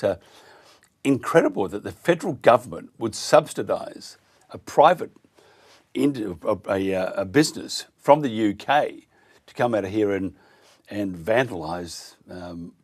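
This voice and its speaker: An Australian man hosting talk radio, indignant and halting, with many fillers. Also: fairly low pitch, darkish tone. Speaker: radio host.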